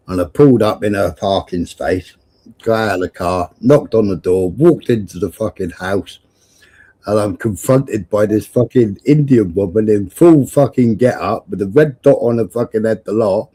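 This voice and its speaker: A man, his voice warm and mellow, telling rambling, profane stories on a livestream. He swears often and circles back, saying things again and again. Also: fairly low pitch, moderate pace. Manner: rambling, profane, repeats himself. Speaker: livestream host. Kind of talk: casual chat and storytelling.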